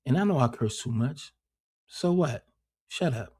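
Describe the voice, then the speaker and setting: Profane, rambling livestream host. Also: male voice, mid-range voice, lively intonation, measured pace, a little mellow, slightly rough. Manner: profane, rambling, repeats words often. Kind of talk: casual livestream commentary.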